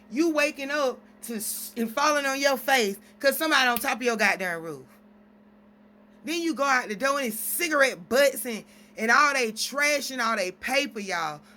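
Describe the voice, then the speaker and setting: A single mom vlogger with a high, pushed, bright voice vents at length in a casual vlog. She rambles through her stories, quoting exchanges as she goes.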